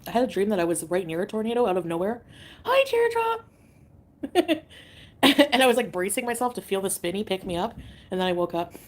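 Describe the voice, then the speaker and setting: A woman's voice: mid-range voice, fast. A woman from Canada chatting casually on a livestream, reading out viewer comments, giggly and drifting between topics.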